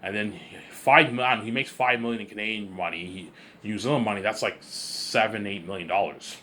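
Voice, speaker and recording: Speaking briskly in a lowish, pushed and bright voice, this man rambles through a casual vlog with a little hiss or hum in the background. He keeps repeating himself and sounds cocky and sure of himself.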